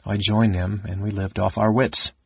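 A man's voice: lowish voice, level tone, normal speed, creaky, husky. A man reading the part of a grieving young nobleman and knight who turned bandit, speaking bitterly and grimly. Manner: bitter and grim. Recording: dull lo-fi recording.

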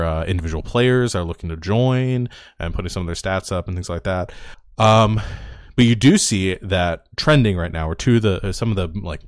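A man's voice: low-pitched, dry recording, studio quality. A young man narrating as game master, rambling with lots of fillers.

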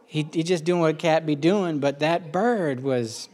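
Middle-aged guy rambling on, kinda high voice, gets emotional, repeats himself a lot. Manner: rambling, emotional and animated, with quick asides and repetition. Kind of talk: casual spoken monologue.

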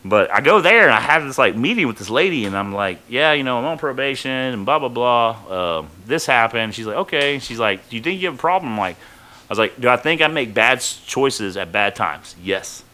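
A man's voice: medium pitch, expressive, moderate pace, bright, forceful tone. A man casually telling a rambling, profane story from his own life on a podcast, full of fillers.

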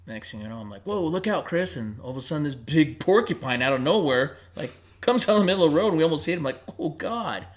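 A man's voice: on the high side, expressive, very fast, few pauses. A man on a paranormal investigation team, casually telling a story about a night in the mountains and acting out what was said. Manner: conversational, many fillers, acts out quoted lines.

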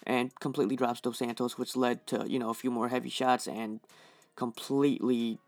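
A man's voice: medium pitch, flat delivery, moderate pace, dry recording. A young man hosting a casual fight review, talking in a heated, rambling way and swearing constantly. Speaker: fight podcast host.

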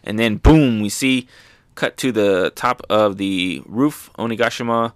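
A young man casually recapping manga chapters, excited and loose, with lots of fillers. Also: fairly low pitch, unhurried, clear, resonant tone, no room sound, studio quality. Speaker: manga reviewer.

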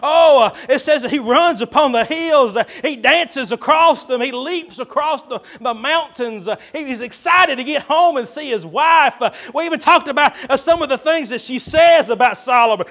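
A preacher with a strikingly high voice works through his sermon. He talks like he's chatting with friends, chuckling often and stumbling over fillers and restarts. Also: expressive, normal speed, hardly any pauses, a bit bright.

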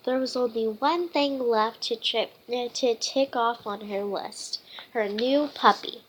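A woman with a fairly high voice reads a children's picture book aloud at an unhurried pace, stumbling and restarting often with fillers. A faint noise sits behind her. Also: rough recording. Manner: halting, with frequent fillers and restarts. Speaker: storytime reader.

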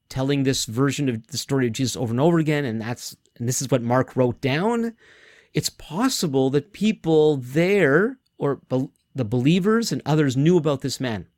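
A man delivering a conversational sermon with thoughtful pauses and frequent restarts. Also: mid-range voice, a little mellow, no room sound, clean studio sound. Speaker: pastor.

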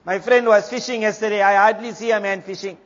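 Speaking quickly in a high, fairly bright, steady voice, a man gives an Islamic sermon. As the teacher, he poses rhetorical questions and responds to them himself, and the reverberant hall recording is lo-fi.

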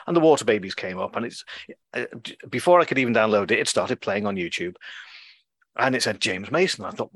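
A man co-hosting a podcast, chatting casually, excitable and chuckling as he reels off names. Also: on the low side, a little fast, no room sound. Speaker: podcast co-host.

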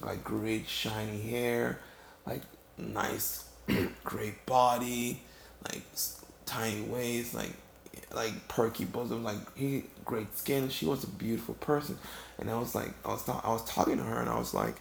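Man, tired, yawning, very gravelly voice, rambling comic storytelling, echoey room. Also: mid-range voice, steady tone. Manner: rambling and halting, full of fillers and restarts. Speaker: comedic storyteller. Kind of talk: improvised comedic monologue. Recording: echoey room with faint noise.

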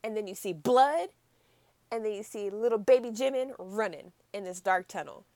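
A woman's voice: mid-range voice, normal speed, a little mellow, no room sound. A woman casually recapping a show with friends, chatty and giggly, using many "like" fillers. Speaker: podcast co-host.

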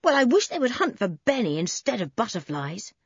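A woman voicing a bold tomboy girl who gives brisk, eager commands. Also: a little high, sing-song, slightly rough, no echo, muffled recording, exaggerated voice.

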